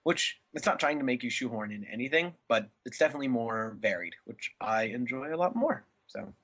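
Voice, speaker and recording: A young man chats on a podcast in an animated way, his voice swooping lively and bright. He swears freely and breaks into goofy voices. The audio sounds dull and lo-fi. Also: medium pitch, a little fast, a little hiss or hum. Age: 20s. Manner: animated, swears a lot, does silly voices. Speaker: podcast co-host. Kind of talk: casual chat.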